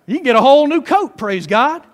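A man preaches a fervent sermon, scattering hallelujahs and "praise God" throughout. His voice is very high, with big pitch swings and a brisk pace. He's in a church sanctuary, and the recording has a reverberant hall sound.

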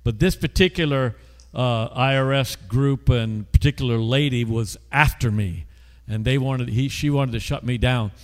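A man's voice: medium pitch, moderate pace, long reverb tail. A male pastor telling a story in a conversational sermon, often putting questions to the congregation.

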